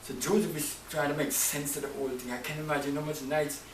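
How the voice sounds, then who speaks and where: A male preacher telling a Bible story in an expressive sermon, acting out the characters' emotions. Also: fairly high pitch, quick pace. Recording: roomy, distant mic, faint hiss.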